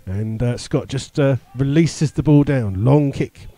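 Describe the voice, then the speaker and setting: A man's voice: medium pitch, measured pace, warm tone, no echo. A man giving live radio commentary on a football match, rattling off play-by-play with the odd filler and chuckle. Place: stadium commentary position.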